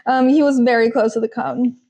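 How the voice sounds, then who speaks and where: A woman hosting a podcast, chatting casually and retelling funny moments with quick quoted voices. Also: on the high side. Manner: animated storytelling with quick quoted voices and laughs. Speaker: podcast host. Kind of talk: casual recap chat. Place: home kitchen.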